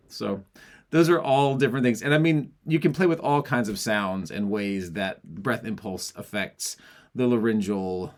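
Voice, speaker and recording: A man with a lowish voice teaching a singing lesson. He explains vocal technique in a clear, steady way and now and then drops into little demonstrations. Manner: explanatory, with sung and spoken demonstrations.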